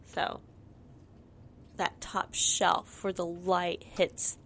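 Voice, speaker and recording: A woman's voice: lowish voice, little pitch movement, extremely slow, a bit bright. A young woman co-hosting a podcast in casual chat, rambling with lots of fillers and giggling. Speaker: podcast co-host.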